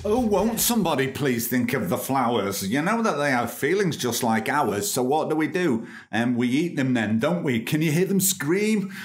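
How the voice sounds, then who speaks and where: A man's voice: mid-range voice, sing-song, normal speed, few pauses. A British man hosting a comedy podcast, reading an article aloud with jokey puns and asides. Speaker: podcast host.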